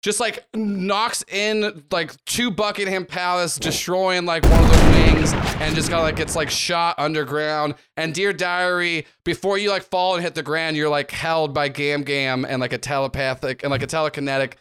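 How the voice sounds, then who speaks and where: A man's voice: on the high side, fairly even intonation, moderate pace, hardly any pauses, noisy background. A man narrating as game master in a tabletop game, rambling with lots of fillers.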